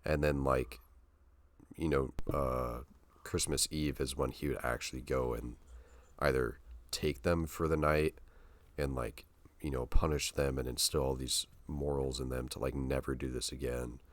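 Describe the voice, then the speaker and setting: A man's voice: extremely low pitch, steady tone, measured pace, dry recording. A young man co-hosting a podcast, telling a story in a loose, rambling way full of fillers and slang. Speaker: podcast co-host. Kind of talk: casual podcast chat.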